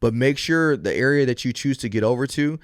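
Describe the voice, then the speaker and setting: Earnest and methodical, a police officer runs his own advice podcast, explaining things in steps, stopping to restart and leaning on fillers. He speaks at medium pitch and a slightly fast pace, in clean studio audio with no room sound.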